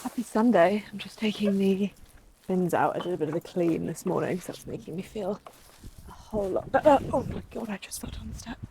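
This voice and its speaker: Chatty woman vlogging outdoors, mellow voice. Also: medium pitch, a little fast, slight background noise. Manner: chatty, upbeat, many fillers. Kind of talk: casual vlog chat. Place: outdoors on a run and walk.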